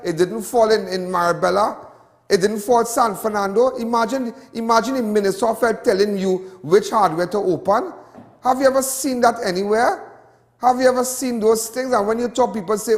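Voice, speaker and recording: A Trinidadian man from Trinidad and Tobago hosts a show in a large hall, delivering ranting commentary in a high-pitched voice. He's impassioned and keeps repeating himself.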